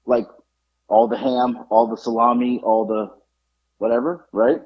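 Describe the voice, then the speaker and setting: A man's voice: medium pitch, measured pace, muffled recording. A man co-hosting a podcast, telling a story in casual chat and acting out the people in it. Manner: animated, acts out quoted exchanges. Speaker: podcast co-host.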